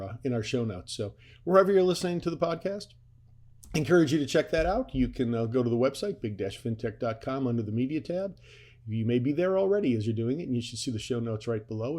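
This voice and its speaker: A man hosting a fintech podcast, talking in a chatty, animated way with frequent restarts. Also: mid-range voice. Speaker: podcast host. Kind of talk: casual podcast conversation. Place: local to Atlanta.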